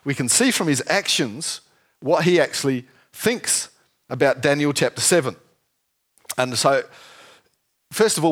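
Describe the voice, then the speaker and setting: A man preaching a sermon, lively and jokey, often asking the congregation questions. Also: medium pitch. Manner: lively, asks the audience questions, jokey asides.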